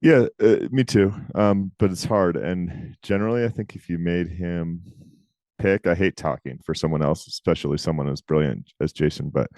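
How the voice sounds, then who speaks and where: Male co-host, deep voice, emphatic casual delivery, dry recording. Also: a little mellow, no echo. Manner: talkative, emphatic, quick asides. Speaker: podcast co-host. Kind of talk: casual chat.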